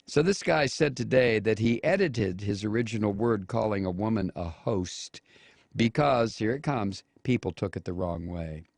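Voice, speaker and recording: A man's voice: on the low side, moderate pace, vocal fry, a little mellow, no room sound, clean studio sound. A male radio talk show host giving angry political commentary, scornful and name-calling, mocking quotes in a raised voice.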